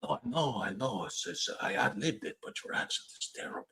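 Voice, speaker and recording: A man's voice: medium pitch, expressive, a little fast, bright, forceful tone, poor audio. A man doing mocking put-on accents as a gangster-movie figure, heckling a character.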